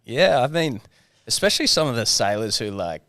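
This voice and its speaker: Smooth-voiced Australian man telling stories. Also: medium pitch, fairly quick, no room sound. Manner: relaxed storyteller, swears freely, acts out quotes. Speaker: guest sailor. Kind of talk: casual podcast chat.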